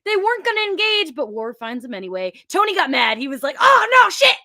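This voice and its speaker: A podcast co-host recaps a TV episode in a casual, enthusiastic chat, laughing often. Her voice is high-pitched, sing-song, fast, pushed and bright, recorded on a remote call mic yet sounding like a clean studio with no echo.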